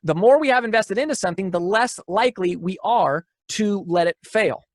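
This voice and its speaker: A man gives a motivational keynote talk in a high, bright-pitched voice, repeating his key lines for emphasis. He tells his stories with energy and restarts phrases often. The sound is dry and close, with no room echo. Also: expressive, normal speed.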